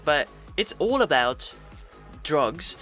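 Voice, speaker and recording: Lively, bright-voiced man chatting slowly. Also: a little high, faint music behind. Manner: laughs often, halting with many restarts. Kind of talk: casual chat.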